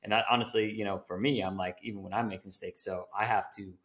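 A man's voice: fairly low pitch, fairly even intonation, fast, fairly bright tone. Man hosting a podcast, rambling. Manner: rambling, friendly, filler-heavy questions. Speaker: podcast host and basketball coach. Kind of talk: podcast interview.

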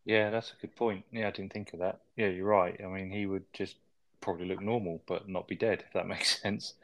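Quick-talking man, laughing as he chats. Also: low-pitched, little pitch movement, fairly bright tone, no room sound. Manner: laughs often, hedging with filler words. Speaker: podcast co-host. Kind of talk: casual film review chat.

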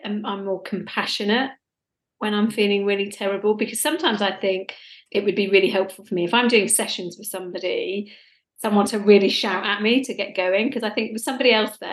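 A woman with a Norfolk accent, co-hosting a podcast in casual, chatty conversation with quoted asides. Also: mid-range voice. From England. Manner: chatty, self-deprecating, with lively quoted asides. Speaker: podcast co-host. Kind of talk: casual chat.

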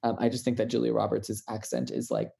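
A man's voice: on the low side, sing-song, quick pace, creaky, mellow, slightly rough. A man co-hosting a podcast, chatting casually in a playful, teasing way. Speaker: podcast co-host. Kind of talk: casual chat about films.

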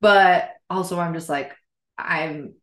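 A young woman with a bright, sharp voice tells a dating story to her co-hosts. She is animated, laughs often and swears freely. The sound is echoey, as if from a bare room. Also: fairly low pitch, slow pace. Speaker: podcast co-host. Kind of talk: casual storytelling chat.

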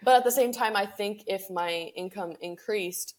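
A young woman with a medium-pitched voice co-hosts a podcast at a moderate pace. She chats casually, using lots of "like" fillers and laughing easily.

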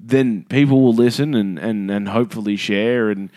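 A man's voice: on the low side, normal speed, dark tone, dry recording, clean studio sound. A man co-hosting a podcast in casual chat, joking and talking loosely. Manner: joking, chatty.

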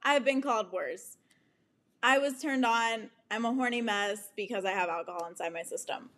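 A woman's voice: fairly high pitch, normal speed, a bit bright. A young woman hosting a podcast, telling a personal story frankly and with plenty of swearing, laughing often and acting out quoted lines. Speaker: podcast host. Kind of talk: candid storytelling monologue.

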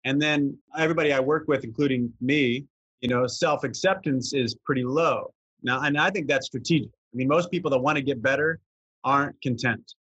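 A man with a Southern US accent, a coach calmly explaining ideas step by step in conversation. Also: mid-range voice, brisk, slightly rough, no room sound, highs cut off.

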